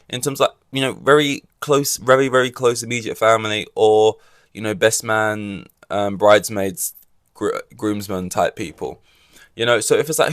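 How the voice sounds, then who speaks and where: A man's voice: lowish voice, moderate pace, no echo. A man hosting his own podcast, talking in a rambling, wry way with many fillers and restarts. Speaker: podcast host. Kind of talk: casual solo podcast monologue.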